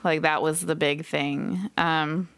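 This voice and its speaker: A woman's voice: sits low, flat delivery, slow pace, fairly bright tone, smooth, no echo. A woman co-hosting a podcast in casual chat, giggly and chatty. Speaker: podcast co-host.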